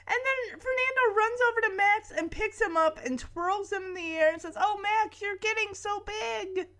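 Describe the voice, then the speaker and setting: A woman's voice: high voice, a bit bright. Giggly woman recapping an episode. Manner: giggly, acts out characters' lines. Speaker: podcast host.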